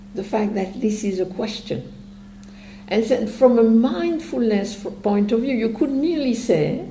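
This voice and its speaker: A woman teaching a meditation method in a calm, unhurried, reflective way. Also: fairly high pitch, reverberant, slight background noise, rough recording.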